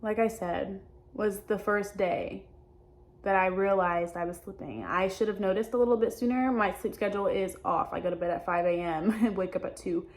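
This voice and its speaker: A young adult woman talking openly in a personal vlog, halting and hesitant, often restarting her sentences. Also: medium pitch. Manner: earnest and open. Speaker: vlogger.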